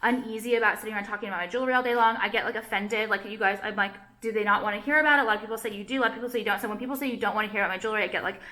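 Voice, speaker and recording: A woman's voice: mid-range voice, steady tone, very fast, hardly any pauses, pushed and bright. A young woman vlogger chatting casually to camera, rambling and anxious, cutting herself off and filling gaps with "like". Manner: rambling, self-interrupting, heavy use of "like", anxious. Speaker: vlogger and jewelry designer.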